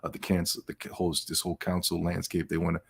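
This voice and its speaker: A man's voice: sits low, completely flat delivery, fast, vocal fry, husky. A man hosting a podcast, giving casual gaming news commentary in a sarcastic, emphatic rant with laughs between remarks. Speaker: podcast host.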